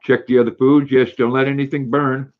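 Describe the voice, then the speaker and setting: A man's voice: mid-range voice, level tone, fairly quick, narrow, tinny audio. An older man hosting a casual livestream, chatting and reading viewer comments aloud while talking to his dog. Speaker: livestream host.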